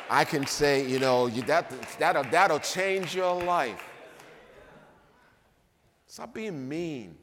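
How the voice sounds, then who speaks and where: A man preaching a sermon in a church, emphatic, swinging between loud and quiet delivery. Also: mid-range voice. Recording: long reverb of a church hall.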